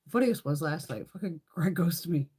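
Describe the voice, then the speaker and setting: A middle-aged woman swears her way through a casual beauty live stream, laughing a lot and spinning animated stories. She talks briskly in a low voice with a breathy edge.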